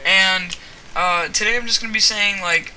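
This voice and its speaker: A man hosting a gaming channel, chatting loosely over his gameplay with lots of fillers and quick reactions. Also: high voice, poor audio. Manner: rambling, filler-heavy chat while reacting to the game. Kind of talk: casual gameplay commentary. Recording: loud mechanical keyboard clicking behind voice.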